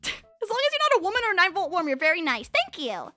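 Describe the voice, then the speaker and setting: A young woman streamer chatting casually with her live chat, talking very fast and bubbly. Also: extremely high pitch, wildly swooping pitch, sharp tone, no room sound, soft background music.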